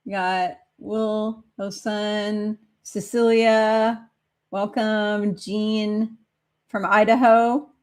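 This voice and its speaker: A woman from Minnesota hosting a spiritual live-stream Q&A, chatty and casual, with drawn-out greetings and frequent ums as she reads out viewers' names. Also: medium pitch, little pitch movement.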